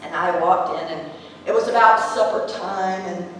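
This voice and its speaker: A woman playing a scheming, scornful ancient queen in a church stage monologue, telling it theatrically with lively acted-out quotes. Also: on the low side, moderate pace, slight background noise, natural voice. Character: scheming, scornful ancient queen, contemptuous of her weak husband. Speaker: actor in a church drama. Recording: echoey hall from far off.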